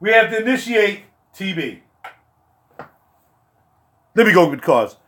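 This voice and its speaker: A man's voice: sits high, big pitch swings, a little slow, fairly bright tone, husky. A man hosting a casual livestream, joking and talking in slangy street talk with playful outbursts. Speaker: fragrance reviewer and livestream host.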